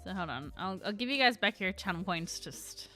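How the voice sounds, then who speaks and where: A woman hosting a casual livestream chat. She thinks out loud, reacts to her chat, and often trails off unsure of herself. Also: mid-range voice, big pitch swings, moderate pace, soft background music. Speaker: livestream host.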